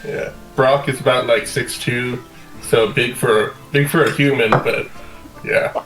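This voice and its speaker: A man's voice: mid-range voice, fairly even intonation, measured pace, a bit bright, soft background music, rough recording. A man playing a tabletop game who jokes around with laid-back, bro-style talk. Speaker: player. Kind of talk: in-character banter in a tabletop game.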